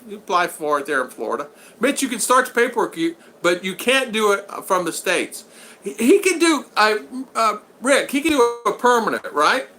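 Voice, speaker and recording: Man, livestream host, animated pitch, bright sharp tone, joking and rambling, reads viewer comments aloud. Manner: rambling, jokey, laughs often, retells stories with quoted voices. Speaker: live stream host. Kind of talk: casual live chat reading viewer comments.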